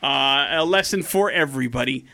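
A man's voice: mid-range voice, normal speed, creaky, pushed and bright. A man hosting a morning radio show, telling a news story in a chatty, wry way. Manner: chatty and wry, with a dry joking aside. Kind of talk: casual radio banter, storytelling a news item.

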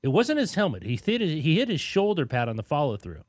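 A man's voice: a little high, wildly swooping pitch, fast talker, no echo, studio quality. A man co-hosting a casual sports talk show, arguing his grades with rhetorical questions.

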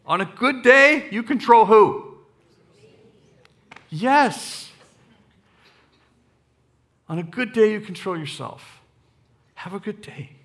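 A middle-aged man preaching a sermon as a guest speaker in a church, lively and joking, repeating lines for emphasis into a stage microphone. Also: sits high, slow, long pauses. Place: church sanctuary.

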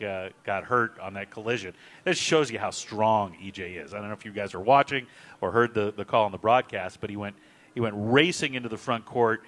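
A man hosting a sports talk show, describing plays in a measured broadcaster's way. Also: fairly low pitch, fairly bright tone. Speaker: show host.

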